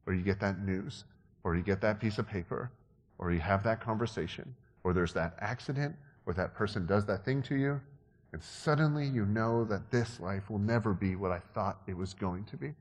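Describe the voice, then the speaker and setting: A man's voice: fairly low pitch, normal speed. A man preaching a sermon in a conversational, joking way that builds to emphatic peaks. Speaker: pastor. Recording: long hall reverb.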